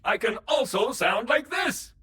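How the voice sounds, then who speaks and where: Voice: medium pitch, expressive, unhurried, bright, forceful tone, a little hiss or hum. An actor voicing an AI assistant showing off an alternate voice in a video game. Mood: showy.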